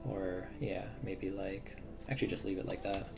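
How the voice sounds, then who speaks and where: A man's voice: steady tone, moderate pace, vocal fry. A man streaming live as a game developer, chatting casually and thinking aloud as he works, with lots of fillers and restarts. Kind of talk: casual livestream commentary while working. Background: faint drum and bass music.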